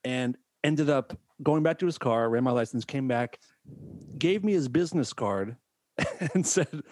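A man from Massachusetts with a medium-pitched voice trades stories in relaxed chat. He jokes easily and drops quick wisecracks. His voice is recorded close and dry. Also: no room sound. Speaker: musician. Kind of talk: casual chat.

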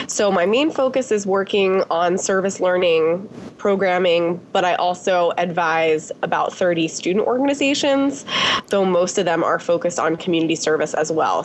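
A woman with a New Jersey accent talks eagerly as a podcast guest, her nose a bit stuffy. Her voice sits fairly low for a woman. A faint noise runs behind her. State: stuffy nose, slight cough. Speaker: podcast guest, university staff. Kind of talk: casual podcast interview.

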